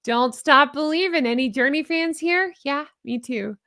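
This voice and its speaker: A middle-aged woman hosting a casual chat, reading online posts aloud and reacting with sarcastic asides and animated remarks. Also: high-pitched, a little slow. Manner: chatty, animated, sarcastic asides and little sung bits.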